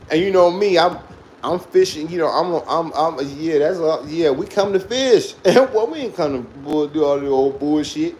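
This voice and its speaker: A man's voice: fairly high pitch, lively intonation, a little slow, a little mellow, a little hiss or hum, rough recording. A man casually telling a profane childhood story, laughing often as he goes. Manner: loose, profane, laughs through his story.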